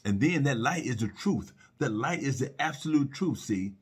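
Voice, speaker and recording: A man's voice: medium pitch, lively intonation, normal speed, slightly rough. A middle-aged man sharing personal reflections on faith and love, earnest and repetitive, full of rhetorical questions and restarts.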